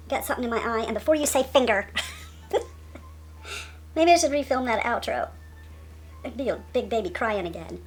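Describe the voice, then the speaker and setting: A woman's voice: fairly high pitch, moderate pace, long pauses, breathy edge, soft background music. A middle-aged woman beauty vlogger joking around, teasing and mock-dramatic. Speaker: beauty YouTuber. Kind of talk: playful vlog blooper chatter.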